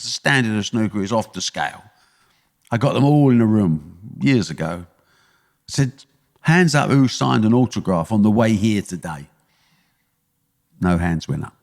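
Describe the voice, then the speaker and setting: A man's voice: on the low side, creaky, long reverb tail. An older man with an East London accent, a guest telling blunt, punchy stories in a podcast interview. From England. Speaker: guest, sports promoter.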